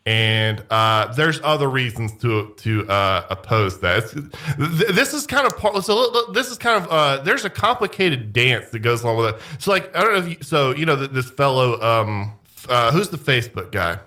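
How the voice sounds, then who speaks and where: A man hosting a casual political conversation, speaking hesitantly and haltingly with many fillers. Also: mid-range voice, big pitch swings, bright, forceful tone.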